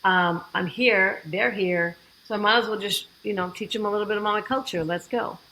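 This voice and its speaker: A woman guest on a podcast, telling her story in a lively way and acting out the dialogue she quotes. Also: medium pitch, moderate pace, rough recording. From United States. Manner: animated, acts out quoted dialogue. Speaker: fitness program founder, guest.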